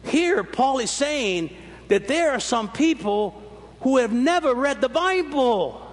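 Husky high-voiced preacher guy, echoey hall, voice rising and dropping a lot. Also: expressive, takes it slowly. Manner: preaching with sweeping rises and drops in pitch. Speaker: pastor. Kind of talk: sermon.

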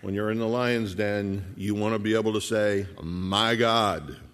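A man's voice: lowish voice, level tone, moderate pace, clean tone. A man preaching a sermon, retelling a scripture story and acting out the characters' lines in his own voice. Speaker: pastor.

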